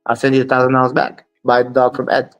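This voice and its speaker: A man's voice: medium pitch, completely flat delivery, quick pace, highs cut off. Guest interviewee: blunt male dog breeder, dismissive of critics, light music underneath. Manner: blunt, dismissive of critics, quotes others in dialogue. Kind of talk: storytelling interview.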